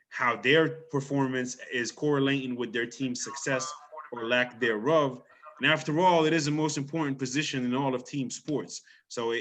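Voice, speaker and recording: Energetic male sports show host. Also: mid-range voice. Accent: island. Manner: energetic, loose, playful with repeated restarts. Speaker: podcast host. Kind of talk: casual sports talk show.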